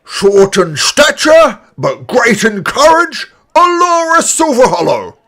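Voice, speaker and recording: A man's voice: extremely high pitch, wildly swooping pitch, slow, pushed and bright, voice pushed up, heavily acted. A man voicing an elderly male orc announcer who makes grand, ceremonious proclamations to a crowd. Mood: grandiose. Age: older.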